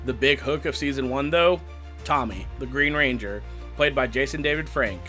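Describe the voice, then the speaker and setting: A man hosting a comedic movie review show, animated and joking, poking fun at himself. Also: mid-range voice, moderate pace, soft background music. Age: adult past teens. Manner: animated, joking, self-mocking.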